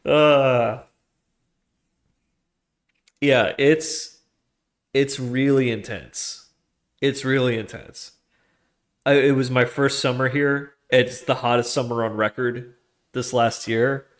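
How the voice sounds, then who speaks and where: A man streaming himself coding a trading tool, chatting loosely with slang and laughs, then muttering quietly to himself as he works. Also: mid-range voice, steady tone, slow pace. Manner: slangy, with laughs between phrases. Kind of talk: casual live-coding chat.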